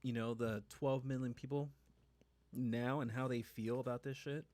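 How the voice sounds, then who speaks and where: A man co-hosting a podcast in casual chat, laid-back and teasing, pausing often with fillers. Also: mid-range voice, steady tone, darkish tone, no echo. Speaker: podcast co-host.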